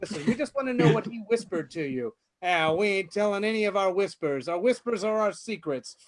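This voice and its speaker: A man's voice: high voice, animated, a little fast. A man playing a brash male pool hall regular with tough-guy swagger, in a solo improv scene. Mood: pushy.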